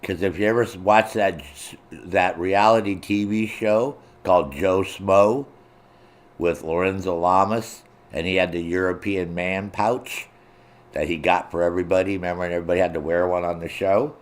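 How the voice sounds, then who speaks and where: A man's voice: low voice, fairly even intonation, normal speed. A middle-aged man streaming live, chatting casually with his viewers, swearing freely, joking crudely and laughing often. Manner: crude, profane, laughing a lot, reads chat.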